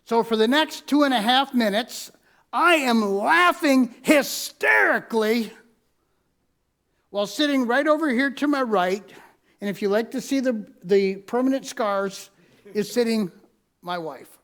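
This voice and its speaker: A male pastor with a notably high voice delivers a sermon in a church. He teaches from notes, repeats his main points for emphasis and tells listeners to circle or underline words. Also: lively intonation, a little slow, fairly bright tone. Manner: repeats key lines for emphasis. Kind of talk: sermon with personal story. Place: church sanctuary.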